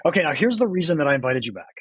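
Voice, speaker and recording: A man hosting a podcast in a casual interview chat, self-deprecating and quick to laugh, often repeating words when he gets excited. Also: on the high side, husky, no echo, highs cut off. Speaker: podcast host.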